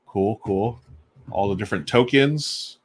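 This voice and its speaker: On a desk microphone during a casual live stream, a man chats enthusiastically with viewers while unboxing a board game and munching snacks, thinking aloud with plenty of fillers. His voice is fairly low and slightly rough, at a measured pace.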